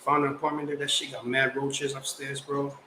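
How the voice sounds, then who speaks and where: A young man from the Philippines, a guest artist telling stories in casual chat, animated and slangy. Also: mid-range voice, brisk. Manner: animated, slangy, acts out quotes. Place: podcast studio. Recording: roomy echo, faint background noise.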